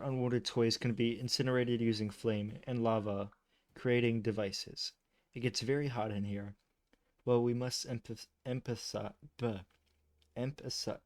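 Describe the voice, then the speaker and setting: Man stumbling through a read-aloud. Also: mid-range voice. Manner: stumbles over words and restarts often; chatty and self-deprecating asides. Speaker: YouTuber reading game lore. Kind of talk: reading aloud with casual commentary.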